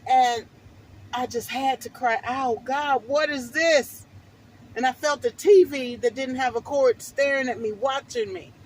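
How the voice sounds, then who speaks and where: A woman's voice: sits high, fairly even intonation, moderate pace, darkish tone, a little hiss or hum, poor audio. A middle-aged woman vlogger telling a personal testimony in a fervent, preachy, emphatic way.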